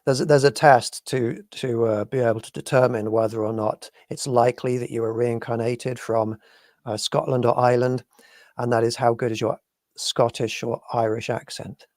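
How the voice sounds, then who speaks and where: Uk guy hosting a paranormal chat, slow careful hesitant talk, dry close sound. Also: mid-range voice, level tone, a little mellow, no echo. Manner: measured, hesitant, searching for words. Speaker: podcast co-host. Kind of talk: live-streamed paranormal talk show.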